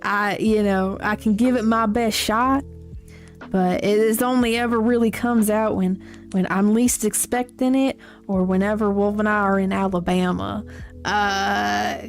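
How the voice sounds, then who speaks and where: A woman hosting a casual livestream, chatting to viewers in a rambling, halting way with many fillers and giggles. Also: medium pitch, steady tone. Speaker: livestream host. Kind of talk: casual livestream chat, answering chat. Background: faint background music.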